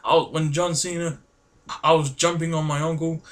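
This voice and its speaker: A man chats to camera in a loose, rambling vlog. His voice sits a little high, and he keeps circling back with fillers and repeats, sounding eager throughout. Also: flat delivery, fairly quick. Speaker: vlogger. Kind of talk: casual chat to camera.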